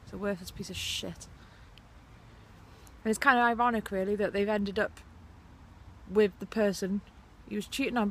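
A woman's voice: mid-range voice, steady tone, moderate pace, pauses often, slight background noise. A woman with a Welsh accent, ranting to camera in a vlog, swearing heavily, blunt and sarcastic. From Wales. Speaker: vlogger. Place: outside her house.

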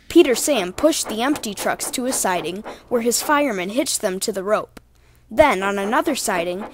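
A woman narrating a children's storybook, expressive and voicing the characters. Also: mid-range voice, a little hiss or hum.

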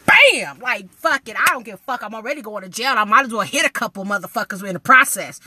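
A woman's voice: on the high side, quick pace, background noise. A woman, ranting to her camera in a blunt, indignant vlog full of swearing. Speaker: vlogger. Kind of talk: casual vlog rant to camera.

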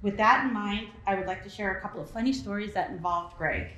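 A woman giving prepared remarks at a memorial service, measured and steady. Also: medium pitch, slight background noise. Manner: measured, reading from notes. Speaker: memorial speaker, former supervisor. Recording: echoey hall.

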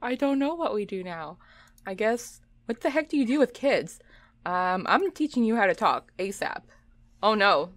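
A young woman chatting her way through a video game, giggling often and scolding her game characters. Her voice sits at an ordinary mid pitch for a woman. The delivery is loose, casual gameplay commentary. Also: very animated, normal speed, dry recording. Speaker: let's play host.

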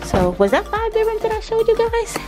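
In a very high-pitched, very animated voice, a woman vlogger briskly tours a large vacation house, chatting casually and laughing often as she thinks out loud. Music sits under her voice, and the tour later moves to a deck.

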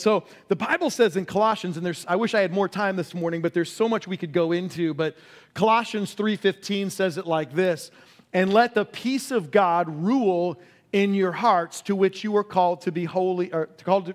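A male pastor preaching a sermon, asking the congregation questions and acting out quoted cries before dropping to a hush. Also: sits high. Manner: acts out quoted cries loudly and drops to a hush.

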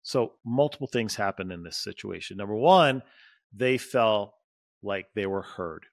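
Earnest, animated male podcast host. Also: unhurried, no room sound, studio quality. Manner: earnest and animated, acting out scenes with sudden high bursts. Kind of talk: solo motivational podcast talk.

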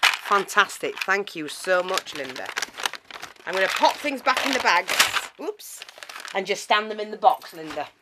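A woman's voice: mid-range voice, measured pace, heavy background noise. A woman chatting casually to camera as she unboxes a parcel, gushing and a little out of breath. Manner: excitable and chatty, many fillers, gushing thanks. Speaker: craft vlogger.

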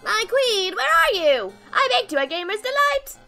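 A woman's voice: very high-pitched, big pitch swings, moderate pace, gravelly, pushed and bright, faint music behind, exaggerated voice. A woman reading out the lines of a vain, grandiose female robot queen from a game. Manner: reading game dialogue aloud.

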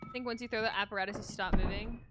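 A woman's voice: medium pitch, fairly even intonation, racing, noisy background. A young woman streaming a horror game, swearing freely, reacting jumpily and talking to her chat. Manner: profane, jumpy, talks to chat. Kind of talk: horror game let's play. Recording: game music behind voice.

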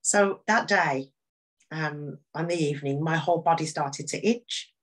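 Low-voiced woman. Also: measured pace, low-quality recording. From Birmingham, England. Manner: candid, animated storytelling. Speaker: interview guest. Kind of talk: personal faith testimony.

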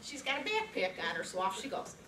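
A woman's voice: medium pitch, huge pitch swings, fast, fairly bright tone, a little hiss or hum. A woman from Chicago in her sixties telling a funny story as a contest speech, acting out voices and laughing often. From Chicago, USA. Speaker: contest speaker. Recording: echoey hall from far off.

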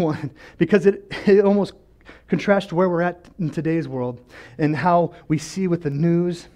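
A man with a high voice preaches a church sermon. He talks quietly at times, then climbs into loud, passionate cries to God, and he often stumbles and repeats words as he restarts a sentence. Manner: passionate, swings from quiet to shouting. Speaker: pastor.

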